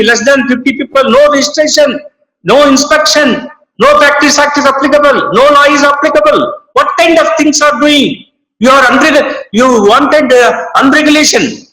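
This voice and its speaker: Emphatic older Indian man, high voice. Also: sharp tone. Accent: Indian English. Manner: emphatic, repetitive phrasing, emotional. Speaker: retired judge, interview guest. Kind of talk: impassioned interview answers. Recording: roomy echo.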